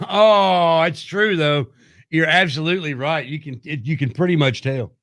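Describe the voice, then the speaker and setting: A man co-hosting a morning radio show, easygoing and quick to laugh. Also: fairly high pitch, a bit bright, no room sound, studio quality. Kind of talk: casual morning radio banter. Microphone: studio microphone.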